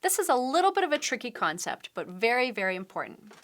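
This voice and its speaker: Lively-voiced woman teaching piano. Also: fairly high pitch, fast talker. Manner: patient, explains step by step while demonstrating at the piano. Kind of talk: piano tutorial instruction. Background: piano playing.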